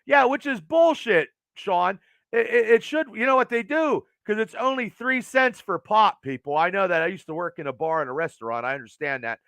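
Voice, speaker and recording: A man's voice: high voice, animated, moderate pace, vocal fry, a bit bright, no echo, clean studio sound. A man in his early fifties hosting a podcast, ranting casually and profanely in a rambling way. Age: 50s. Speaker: podcast host.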